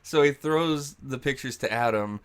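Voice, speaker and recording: A man hosting a podcast, giving a casual, profane, rambling movie recap and clearing his throat often. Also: medium pitch, measured pace, dry recording. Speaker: podcast host.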